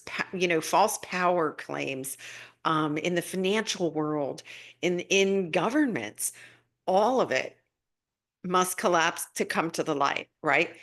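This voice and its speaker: A middle-aged woman hosting a live spiritual guidance stream, chatting casually as she answers viewer comments, laughing often and swooping up in pitch when excited.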